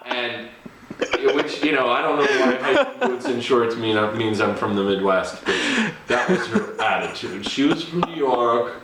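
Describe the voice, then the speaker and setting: Male storyteller, mid-pitched, chatty and chuckling; recorded in an echoey room with faint background ambience. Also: big pitch swings, normal speed, fairly bright tone. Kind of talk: casual spoken anecdote.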